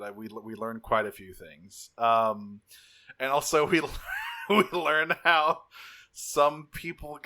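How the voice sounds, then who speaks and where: A man's voice: mid-range voice, pushed and bright, clear, resonant tone. A man co-hosting a podcast, recapping a cartoon episode in loose, profane, rambling chat. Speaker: podcast co-host.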